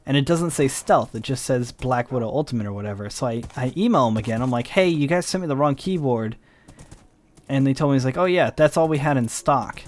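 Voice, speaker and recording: A tired young man telling a rambling story in a casual way while he plays a game, acting out both sides of the conversation. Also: medium pitch. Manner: rambling, animated, mimics the other side of the conversation. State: tired, yawning. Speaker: gaming video host.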